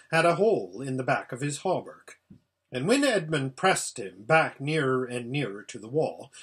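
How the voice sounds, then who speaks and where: A man reading a children's novel aloud with expressive, lively storytelling. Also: mid-range voice, husky. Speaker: audiobook reader. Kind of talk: storybook read-aloud narration.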